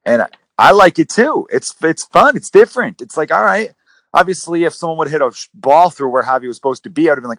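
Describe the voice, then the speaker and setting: A man hosting a casual sports podcast, rambling and animated, with some swearing. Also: a little high, fast talker, no echo. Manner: rambling, profane, animated retellings. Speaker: podcast host.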